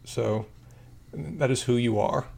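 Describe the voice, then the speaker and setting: A man co-hosting a casual podcast, relaxed and encouraging. He talks through his picks in an unhurried way and reads quoted lines straight, with no big performance. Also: medium pitch, creaky, slightly rough. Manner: easygoing and appreciative, reads quotes aloud. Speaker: podcast co-host. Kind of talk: casual chat ranking favorite lines from a TV drama.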